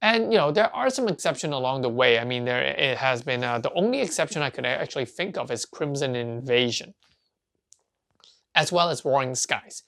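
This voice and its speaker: Chatty video host with a gravelly voice. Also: mid-range voice, expressive, normal speed, a bit bright. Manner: chatty, asks and answers own questions. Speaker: collecting channel host. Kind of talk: casual talk to camera.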